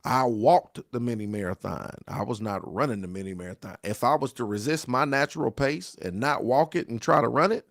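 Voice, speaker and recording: A man's voice: mid-range voice, fairly quick, creaky, few pauses, fairly bright tone, no echo, studio quality. A middle-aged man, a pastor, giving a devotional talk on grief in a repetitive, exhorting preacher cadence, often asking "right?". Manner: exhorting, call-and-response.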